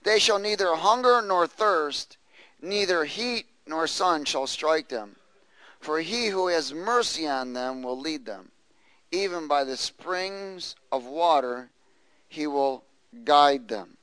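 A man's voice: a little high, animated, slow, pushed and bright, smooth, no room sound, rough recording. A man preaching a sermon, reading scripture aloud and prompting the congregation to answer and repeat after him. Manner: reads scripture aloud, prompts congregation with call-and-response questions. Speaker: pastor.

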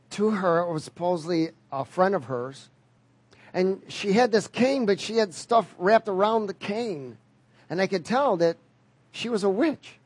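A man's voice: high voice, husky, no room sound. A man preaching a sermon in an emphatic way, repeating key phrases and drawing call-and-response from the congregation.

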